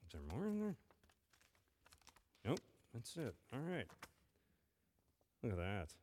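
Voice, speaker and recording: A man leads a children's sermon as the pastor, playful and gentle, asking a child question after question. His voice sits at an ordinary middle pitch. It carries a long reverb that rings through the church sanctuary. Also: huge pitch swings, slow pace, a little hiss or hum.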